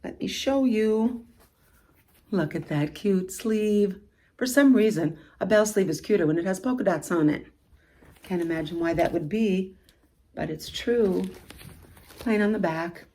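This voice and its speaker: A woman's voice: mid-range voice, measured pace, pauses often, mellow. A woman vlogging her thrift haul, chatting playfully to viewers as she shows clothing and items. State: out of breath.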